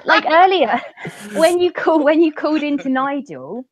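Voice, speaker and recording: A woman from London chatting casually on a stream, teasing with quick retorts. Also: high voice, lively intonation, no echo, dull audio. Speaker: stream co-host. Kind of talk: casual chat.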